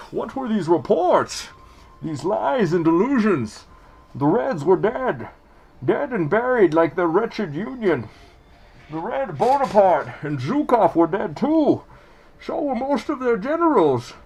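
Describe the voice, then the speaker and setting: A man's voice: sing-song, slow, vocal fry, darkish tone, husky, heavily acted. A man putting on a muffled, menacing masked villain's voice to read game text dramatically, with a strained timbre. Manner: theatrical, booming, menacing reading.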